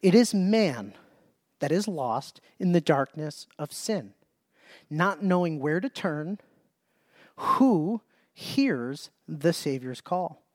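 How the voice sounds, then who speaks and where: A man's voice: a little high, big pitch swings, takes it slowly, dry recording, studio quality. A man preaching a verse-by-verse Bible sermon, reading scripture aloud and then explaining it earnestly, often restarting his sentences.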